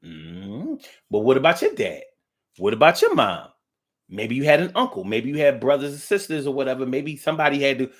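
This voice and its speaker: A man on a livestream reads viewer comments aloud and muses in a drifting, casual way, with frequent hums, restarts, and the odd swear word. He's blunt, with casual profanity. His mid-range voice swings widely in pitch, and he talks a little fast.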